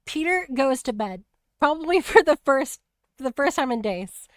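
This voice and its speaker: A woman's voice: sits high, lively intonation, moderate pace, no echo, clean studio sound. A woman hosting a stream, chatting casually about a video game and retelling scenes with many restarts. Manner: rambling, many restarts, laughs easily. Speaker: streamer host.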